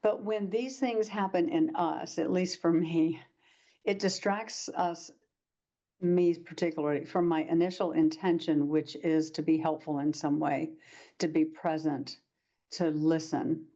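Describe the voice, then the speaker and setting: A woman's voice: deep voice, steady tone, unhurried, mellow, dull audio. A woman presenting a workshop lecture to practitioners, talking in a conversational way and acting out short quoted exchanges.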